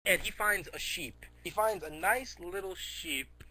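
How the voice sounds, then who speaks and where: Bright-voiced man telling a wild story. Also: sits high, measured pace, gravelly, low-quality recording. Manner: excitable, rambling, full of fillers like "like". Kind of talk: rambling comic storytelling.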